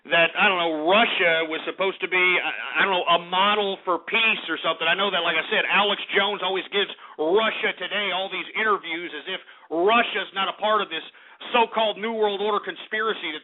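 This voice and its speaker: Ranting high-voiced male radio host. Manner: profane, ranting, swings from muttering to shouting. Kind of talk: angry talk radio rant. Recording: tinny phone-like radio broadcast.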